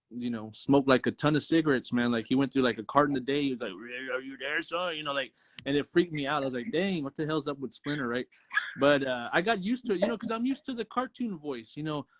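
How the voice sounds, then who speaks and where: A man's voice: mid-range voice, quick pace, no echo. A man co-hosting a movie review show, chatting casually, swearing often and acting out scenes. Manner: profane, animated, acts out scenes. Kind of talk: casual chat.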